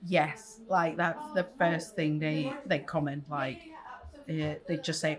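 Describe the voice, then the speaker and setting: A woman's voice: low-pitched, fairly even intonation, slow pace. A woman from Mexico answering interview questions in a chatty way, laughing between thoughts.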